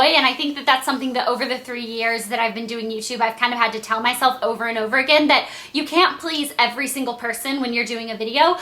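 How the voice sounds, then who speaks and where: A young woman from Georgia chats through viewer questions for her beauty vlog, rambling and filling gaps with "like" and "um." Her voice sits high and sounds bright and sparkly. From Georgia, USA. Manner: chatty and rambling, full of "like" and "um". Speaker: beauty YouTuber. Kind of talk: casual Q&A vlog.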